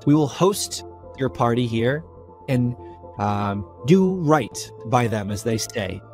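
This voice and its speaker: A man voicing a proud, calculating king who speaks in a measured, commanding way. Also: mid-range voice, expressive, a little mellow, faint music behind.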